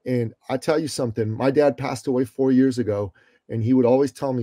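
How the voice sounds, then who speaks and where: A man telling stories as a podcast guest, emphatic and preachy, swinging between loud declarations and quiet reflection. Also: mid-range voice, steady tone, a little fast, dry recording. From Iran. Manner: emphatic, preachy, rises and falls in loudness. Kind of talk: impassioned interview storytelling.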